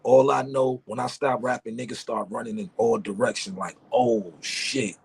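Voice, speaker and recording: A middle-aged man from Harlem spins a laid-back, profane story. His voice is gravelly and husky, sitting at an ordinary male pitch. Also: fairly quick, darkish tone, no room sound. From Harlem, New York. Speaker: guest rapper. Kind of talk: casual storytelling.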